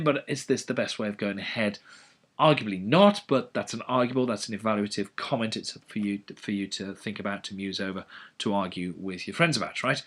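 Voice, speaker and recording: Brief: male economics lecturer, expressive, wry, mid-pitched. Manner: animated, sardonic asides. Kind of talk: educational lecture.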